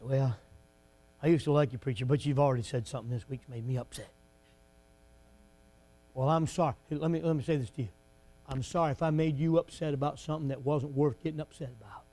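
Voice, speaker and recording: A man's voice: mid-range voice, steady tone, a little fast, pauses often. A man preaching a fervent, folksy revival sermon in a church. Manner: fervent, folksy, rising to shouts.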